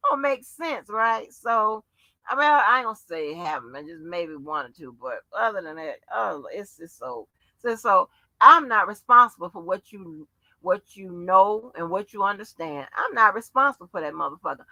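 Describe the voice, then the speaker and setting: A woman speaks casually and profanely to her viewers, with a lot of restarts and fillers before she gets heated. Her voice is bright and forward. The recording is dry and close, with no room sound. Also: medium pitch, lively intonation, normal speed, dry recording. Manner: rambling with many restarts and fillers. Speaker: channel host. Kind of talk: casual livestream rant.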